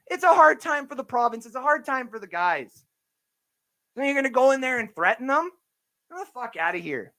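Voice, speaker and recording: A man's voice: very high-pitched, sharp tone. Fired-up man ranting about sports. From Canada. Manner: fired-up, profane, reads chat comments aloud. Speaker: sports podcast host. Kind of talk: livestream sports rant and chat.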